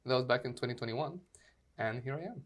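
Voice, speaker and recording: A man's voice: medium pitch, quick pace, fairly bright tone, dull audio. A man, an actor and acting coach, chatting as an interview guest, acting out quoted dialogue with lots of fillers. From Canada. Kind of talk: casual interview storytelling.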